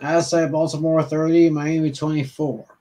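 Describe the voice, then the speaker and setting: A man co-hosting a casual sports podcast. His voice sits slightly high. He gives his picks in a relaxed, easygoing way. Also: normal speed. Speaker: podcast co-host.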